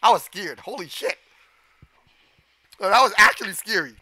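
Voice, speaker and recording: A man streaming a game live, giving excitable commentary, gasping, shouting and swearing at the screen. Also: high-pitched, normal speed, no room sound.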